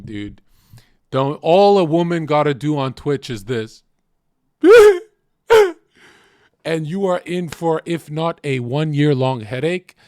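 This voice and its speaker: Gravelly male streamer, profane rambling. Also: mid-range voice, darkish tone. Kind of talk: live stream reaction.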